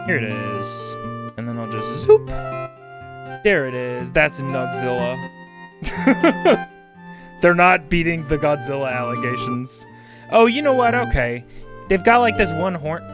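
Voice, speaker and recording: A male streamer chatting casually on a livestream while high, rambling and swearing casually as he reads chat aloud. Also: sing-song, takes it slowly, pauses often, music in the background.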